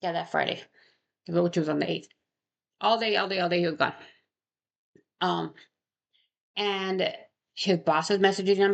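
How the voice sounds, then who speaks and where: A woman's voice: lowish voice, measured pace, vocal fry, pauses often, a bit bright, dull audio. A young woman casually talking through a true crime case, rambling and correcting herself, with frequent rhetorical questions. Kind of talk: casual chat.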